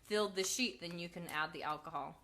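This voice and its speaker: A woman's voice: lowish voice, fairly quick, pushed and bright, slight background noise. A woman hosting a casual craft live stream, chatting and reading out viewer comments.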